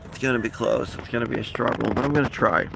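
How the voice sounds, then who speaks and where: A man's voice: mid-range voice, steady tone, fast talker, vocal fry, noisy background. A man chatting casually on a live stream, rambling and reading out viewer comments as he signs off. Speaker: vlogger wrapping up a live stream.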